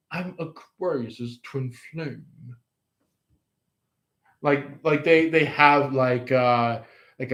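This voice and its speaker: A man giving a casual tarot reading, rambling with many fillers and restarts. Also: medium pitch. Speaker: tarot reader.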